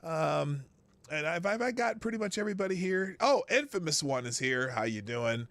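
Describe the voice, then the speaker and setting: On a live stream, a man greets chat viewers by name, rambling chattily and chuckling to himself as he reads them off. His voice sits on the high side, animated and a bit bright, at a moderate pace with no room sound.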